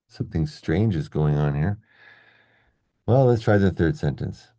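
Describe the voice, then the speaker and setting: A man's voice: sits low, lively intonation, measured pace, warm tone, no echo, studio quality. A man teaching an English lesson on video, explaining step by step and checking in with "okay?" and "right?". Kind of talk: classroom-style video lesson.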